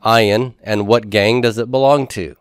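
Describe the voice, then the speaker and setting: A man's voice: lowish voice, fairly even intonation, a little slow, clean tone, no room sound, studio quality. A man teaching a Hebrew grammar class, explaining step by step and putting questions to the class before answering them himself. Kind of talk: classroom lecture.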